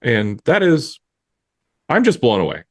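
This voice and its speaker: A man's voice: medium pitch, huge pitch swings, measured pace, dry recording. A man co-hosting a casual podcast, joking and self-mocking with friends, turning earnest at times, on a studio podcast microphone. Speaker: podcast co-host, woodworker. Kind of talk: casual banter among friends.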